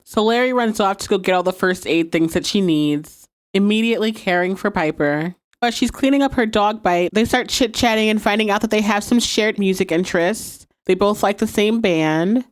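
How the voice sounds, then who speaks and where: A woman's voice: medium pitch, moderate pace, hardly any pauses. Chatty woman recapping a TV episode. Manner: laughs often while retelling scenes. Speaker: podcast host.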